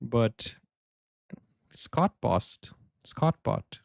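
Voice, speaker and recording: Male reaction host, jokey banter, laughs a lot, medium pitch, dry close mic. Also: big pitch swings, extremely slow, gravelly, dry recording. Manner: joking, laughs often, explains his banter. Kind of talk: casual reaction commentary.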